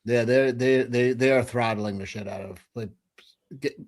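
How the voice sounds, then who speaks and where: A man's voice: mid-range voice, fairly even intonation, normal speed, darkish tone. A man guesting on a livestream, talking bluntly and casually with restarts and swearing.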